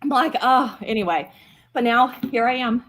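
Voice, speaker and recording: Animated woman telling a story. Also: fairly high pitch, moderate pace. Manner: animated storytelling with frequent laughs. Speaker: co-host. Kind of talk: casual chat.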